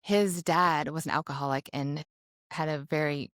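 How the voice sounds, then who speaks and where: Chatty woman telling a story, low voice. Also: moderate pace, no room sound, clean studio sound. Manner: chatty, animated storytelling with quoted asides. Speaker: podcast co-host. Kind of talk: casual storytelling chat.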